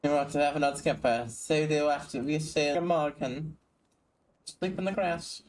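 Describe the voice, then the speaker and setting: A man's voice: on the high side, steady tone, normal speed. A man streaming a video game, chatting casually, often swearing and stumbling over his words. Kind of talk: casual gaming commentary.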